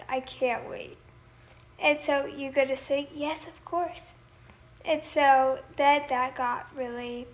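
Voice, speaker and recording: A young woman with a high voice talks at an unhurried pace on a livestream. She chats casually about her song, thanks viewers for their comments and sometimes slips into singing a line. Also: a bit bright. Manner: chatty, reads viewer comments aloud and thanks them. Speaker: singer hosting a livestream.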